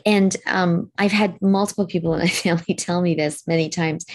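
A woman's voice: fairly low pitch, steady tone, fairly quick, darkish tone. A woman co-hosting a podcast, talking in a reflective, casual way. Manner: reflective, talks about energy and empathy. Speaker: podcast co-host. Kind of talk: casual chat.

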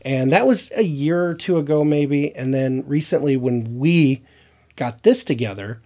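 A man's voice: medium pitch, unhurried, darkish tone. A man co-hosting a podcast in casual chat, telling earnest, heartfelt stories and acting out what other people said to him. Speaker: podcast co-host.

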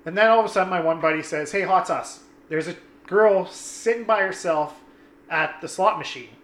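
A young man telling a story in casual chat, animated and swearing, acting out his friends' lines. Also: high-pitched, moderate pace, reverberant.

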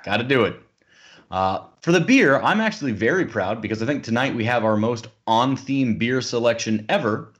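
A man's voice: mid-range voice, lively intonation, normal speed. A man hosting a podcast in casual chat, playful and theatrical in his introductions. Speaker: podcast host. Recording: dull lo-fi podcast audio.

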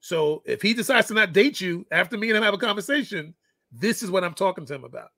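Animated middle-aged man, high voice. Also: quick pace, creaky, no room sound. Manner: animated storyteller acting out quoted dialogue. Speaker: guest, fitness coach and father. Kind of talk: casual podcast chat.

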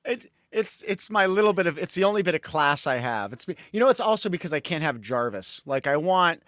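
A middle-aged man from Connecticut speaks in a fairly high voice as a podcast guest. He tells his stories in an animated, rambling way, full of restarts. His voice sounds dry, with no room around it. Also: fairly quick, no room sound. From Connecticut, USA. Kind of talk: casual podcast conversation.

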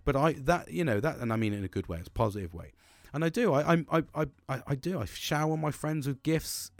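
A man's voice: fairly high pitch, fast talker, no echo, clean studio sound. A man, talking candidly in a podcast monologue, rambling with frequent restarts and heavy swearing. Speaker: podcast host.

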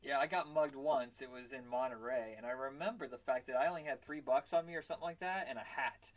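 A man in a casual chat, trading stories with frequent laughs and loud, acted-out quotes. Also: mid-range voice, fast talker. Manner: animated, laughs often, acts out quotes loudly.

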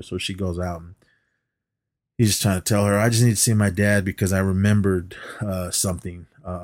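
A man's voice: low-pitched, no echo. A man co-hosting a podcast, casually retelling a film's plot in a rambling way and quoting the characters as he goes. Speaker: podcast co-host. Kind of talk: casual film recap chat.

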